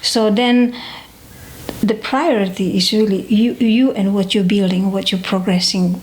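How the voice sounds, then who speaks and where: Reflective woman with halting speech. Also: medium pitch, steady tone, darkish tone, slight background noise, rough recording. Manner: reflective, halting with many restarts. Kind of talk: casual conversation.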